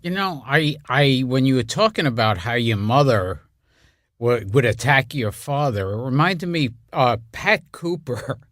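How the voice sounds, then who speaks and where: A man's voice: medium pitch, lively intonation, unhurried, a bit bright, dry recording, clean studio sound. A male podcast co-host steering the guest toward his stories. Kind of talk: podcast interview.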